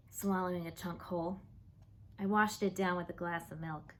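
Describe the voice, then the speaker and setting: A woman reading a children's book aloud, with expressive, lively storytelling. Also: on the low side, moderate pace. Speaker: audiobook reader.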